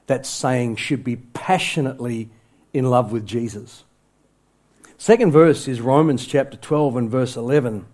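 A man's voice: mid-range voice, a little mellow. Male pastor, sermon, impassioned, rising and falling emphasis, church sanctuary.

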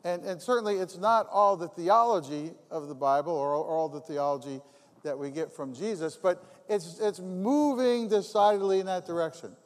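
High-voiced preacher in a reverberant hall. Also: male voice, normal speed. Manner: conversational preaching with repeated phrases. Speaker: pastor. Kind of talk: sermon.

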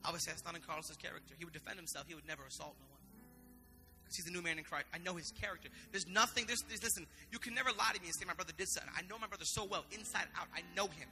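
A man's voice: on the high side, racing, pushed and bright, in a large hall, faint music behind. A man preaching a sermon in an impassioned, conversational way, often repeating himself. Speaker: pastor.

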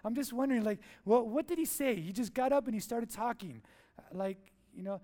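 A man's voice: high voice, fast, darkish tone. A man preaching a sermon as pastor in a church, playful and jokey, asking the crowd questions and answering them.

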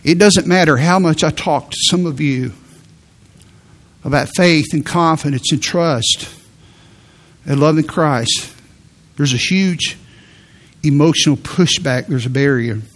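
A middle-aged male pastor delivering a sermon. His voice sits a little high for a man. He speaks earnestly and stresses points with sudden lifts. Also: unhurried, pauses often, a bit bright. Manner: earnest, emphatic preaching with sudden rises.

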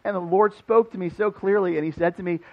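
A man preaching as a pastor, telling a personal story in a casual, animated way full of "like" fillers. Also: high voice, fast, lo-fi sound. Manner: conversational, animated, many "like" fillers. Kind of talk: storytelling sermon. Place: church building.

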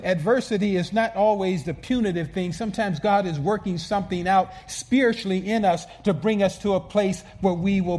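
A male pastor preaching a sermon in an earnest way, often restarting words and swinging between soft asides and emphatic peaks. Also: sits high.

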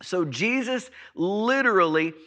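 A man preaches to his congregation with a high, ringing voice. He speaks slowly and deliberately, stacking repeated phrases. His delivery swings from loud emphasis to quiet, drawn-out words. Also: expressive. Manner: preaching with emphatic repetition and sudden swings in loudness. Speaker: pastor. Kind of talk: sermon.

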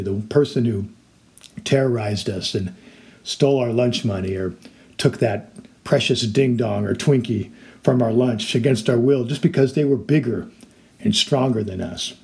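A man's voice: mid-range voice, darkish tone. A man preaching a sermon as a pastor, earnest and explanatory, now and then acting out the voices in his stories.

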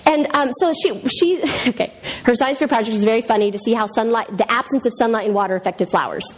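A middle-aged woman giving a humorous church teaching talk with personal stories, animated and acting out the voices of people she quotes. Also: a little high, quick pace. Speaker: women's speaker.

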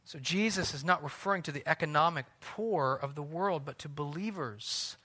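A man in his thirties preaching a sermon, earnest, building to emphatic peaks and then dropping to a soft, quiet delivery. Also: fairly high pitch, moderate pace, breathy edge. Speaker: pastor.

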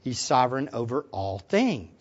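A man preaching a sermon as pastor, dramatic, swinging from loud outbursts to hushed asides and repeating words as he restarts. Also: medium pitch, sing-song, moderate pace, lo-fi sound.

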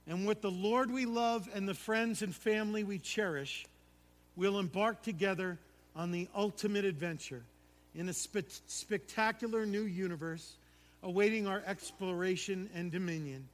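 Guy pastor preaching hard, high bright voice, big echoey church hall. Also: normal speed. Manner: impassioned preaching, swelling to shouts then dropping to quiet prayer. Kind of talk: sermon. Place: church sanctuary.

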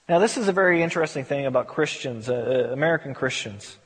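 Pastor, male, high-pitched and husky, conversational Bible teacher, reverberant hall. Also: animated, fast talker, hardly any pauses, a bit bright. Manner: conversational, repeats words when emphatic.

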